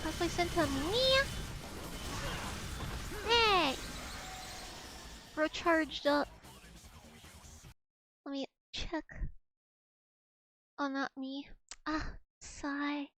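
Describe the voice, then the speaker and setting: A woman's voice: high voice, very slow, pauses often, bright, forceful tone, poor audio. A young woman streaming a video game live, joking and swearing as she banters with her chat.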